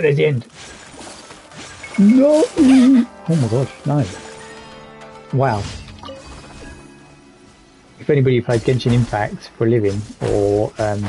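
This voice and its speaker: Gravelly, candid male streamer. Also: medium pitch, mellow, rough recording. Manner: candid, reflective, reads chat aloud. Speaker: live streamer. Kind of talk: casual gaming stream commentary.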